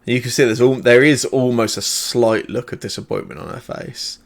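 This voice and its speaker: A man's voice: medium pitch, fairly even intonation, normal speed, creaky. Casual man running a tabletop game. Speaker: game master.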